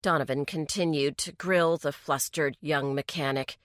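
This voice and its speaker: A woman narrating a mystery story in a slow, even storytelling delivery. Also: deep voice, dry recording, clean studio sound. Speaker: audiobook narrator. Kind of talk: scripted narration.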